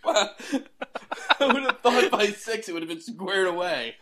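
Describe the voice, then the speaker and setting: A woman's voice: medium pitch, lively intonation, unhurried, fairly bright tone, slight background noise. A woman doing casual, joking game commentary, giggly and recovering from laryngitis.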